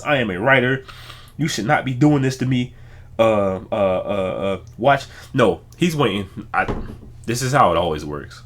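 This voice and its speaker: A man hosting a reaction video, giving casual, animated commentary that hypes up and riffs on a clip. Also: fairly low pitch.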